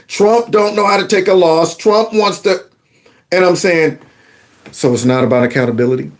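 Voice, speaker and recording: A man with a fairly high voice hosts a commentary show and talks back to news clips. He is sarcastic and mocking, firing off rhetorical questions in loose, colloquial speech. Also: normal speed. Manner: casual colloquial speech with y'all. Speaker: political commentary host.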